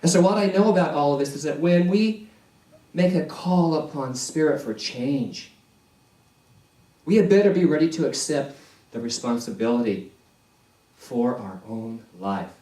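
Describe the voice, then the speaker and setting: A male minister preaching a sermon in a slow, deliberate way, repeating key phrases for emphasis. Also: on the high side, dark tone. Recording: echoey church hall, distant mic.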